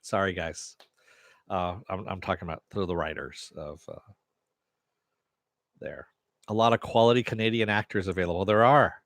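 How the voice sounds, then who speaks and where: Man hosting a loose live TV review, low voice, dry close sound, rambling and blunt. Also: fairly even intonation, normal speed, pauses often, no echo. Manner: rambling, off-the-cuff, swears, answers chat comments. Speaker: TV review host. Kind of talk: casual live-stream review chat.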